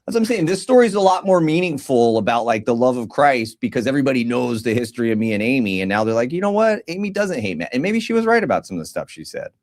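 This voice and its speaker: A podcast co-host with a mid-range voice tells a story at a quick clip, barely pausing. He's an animated storyteller, chatting casually in slang and acting out other people's lines.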